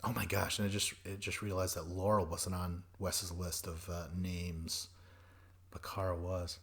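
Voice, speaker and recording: A man hosting a podcast, recapping a reality show in a rambling, profane way and acting out quoted people in quick voices. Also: deep voice, little pitch movement, fairly bright tone. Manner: rambling and profane, jumps between notes. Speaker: podcast host.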